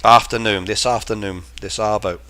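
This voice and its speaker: A man's voice: fairly low pitch, steady tone, normal speed, pushed and bright. An English man streaming a game and chatting casually, explaining slang to his viewers like the teacher he is. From England. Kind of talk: casual live-stream chat.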